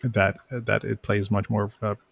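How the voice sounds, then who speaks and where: A man's voice: lowish voice, little pitch movement, normal speed, creaky, no echo. A man co-hosting a podcast in casual chat who stammers, repeats his words and pokes fun at himself. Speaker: podcast co-host.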